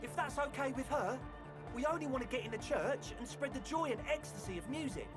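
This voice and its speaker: A woman's voice: high voice, lively intonation, a little fast, music in the background. An actress voicing an earnest young woman in a video game who is an enthusiastic techno dance fan.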